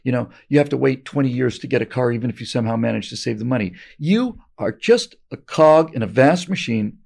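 A man's voice: mid-range voice, lively intonation, a little fast, creaky, a little mellow. A man hosting a show, giving emphatic political commentary and often repeating words as he restarts. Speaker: show host.

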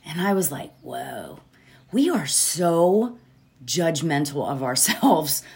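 With a low-pitched, slightly mellow voice that swings widely in pitch, this podcast host speaks slowly about positivity. Her motivational talk is casual and a little rambling, peppered with laughter and "right?" check-ins.

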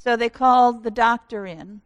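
A woman pastor giving a sermon in slow, measured storytelling. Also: a little high, dull audio.

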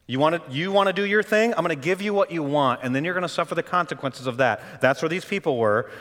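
A man preaching a sermon as pastor, talking conversationally and then rising to loud, emotional cries. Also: a little high, big-room sound.

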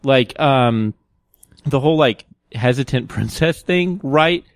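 A man's voice: mid-range voice, animated, takes it slowly, dry recording, studio quality. A young man in casual chat, telling a long story in bursts with many fillers and frequent laughs.

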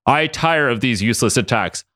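A man's voice: medium pitch, lively intonation, normal speed, pushed and bright. A man voicing a menacing, pompous male villain in a homemade comedic story read aloud. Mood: grandiose. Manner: pompous, proclaiming.

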